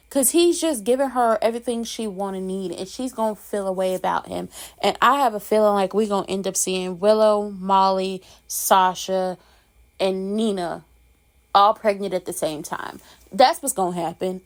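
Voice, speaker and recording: A woman's voice: mid-range voice, normal speed. A woman hosting a casual soap opera recap, talking in a sassy, emphatic, slangy way and giving strong opinions.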